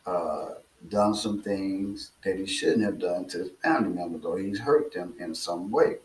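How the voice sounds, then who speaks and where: A man preaching through a parable, slow and deliberate, with filler uhs and repeated phrases. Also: low-pitched. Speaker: speaker. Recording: echoey room.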